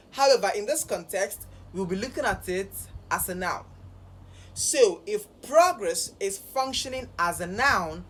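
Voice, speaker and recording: Female speech coach, measured delivery, deliberate emphasis, unhurried. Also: mid-range voice, poor audio. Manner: slow, deliberate, repeats words with emphasis. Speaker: elocution and communications coach. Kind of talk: pronunciation lesson.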